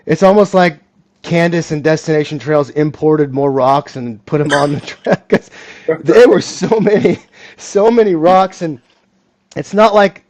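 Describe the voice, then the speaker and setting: A man's voice: fairly high pitch, dry recording. A man hosting a podcast, chatting encouragingly with his guest in a casual interview. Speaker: podcast host.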